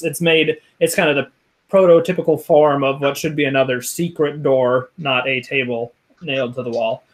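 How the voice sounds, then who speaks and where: A man narrating as game master of a tabletop game, halting with many ums and restarts. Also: mid-range voice, a bit bright, poor audio.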